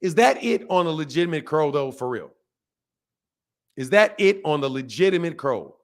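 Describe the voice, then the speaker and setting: An older man from Omaha chats through a boxing livestream in a loose, slangy way, laughing as he answers his viewers. His voice sits a touch high for a man, and he talks casually and off the cuff. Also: sing-song, moderate pace. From Omaha, United States.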